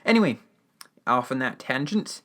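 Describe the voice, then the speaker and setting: A man's voice: mid-range voice, sing-song, normal speed, a bit bright. A man hosting a podcast, giving a casual, rambling recap of a radio drama episode with lots of fillers and restarts. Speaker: podcast host.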